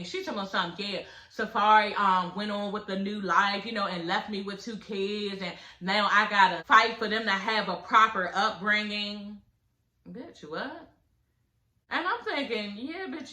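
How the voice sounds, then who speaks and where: A woman's voice: mid-range voice, pushed and bright, reverberant. A woman recapping a reality show in casual, blunt, profane chat, laughing as she talks.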